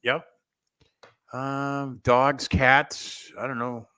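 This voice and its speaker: A man's voice: mid-range voice, flat delivery, drawn-out words, sharp tone, clean tone. A man co-hosting a wrestling talk show in casual panel chat, rambling, thinking aloud and laughing often.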